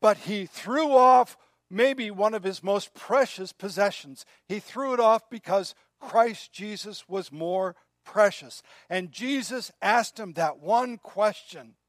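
A man preaching a sermon in an earnest way, often dropping to a soft, quiet voice. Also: high voice, slow pace, dry recording, studio quality. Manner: earnest, drops to soft quiet tones when moved. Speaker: pastor.

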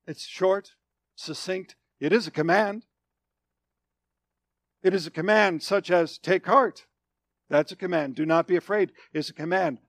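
A male pastor delivers a sermon in a high voice with an unhurried pace. He swings from loud proclamations to quiet, low phrases and keeps repeating his words for weight. The sound is close and dry, with no room echo. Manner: emphatic preaching that swings between loud declarations and hushed, low phrases; repeats and restates phrases for emphasis.

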